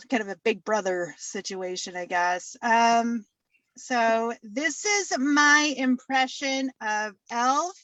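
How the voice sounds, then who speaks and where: A woman doing a stand-up comedy set, deadpan, with many fillers and repeated punchlines. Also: on the high side, no echo, muffled recording.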